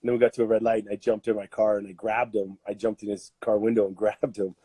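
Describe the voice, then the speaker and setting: A Canadian man in his thirties tells a story in a casual, animated way, packing it with fillers and breaking into laughter. His voice is mellow and a little husky. The recording is dry and close. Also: fairly low pitch, quick pace, dry recording. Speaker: podcast guest, strength coach.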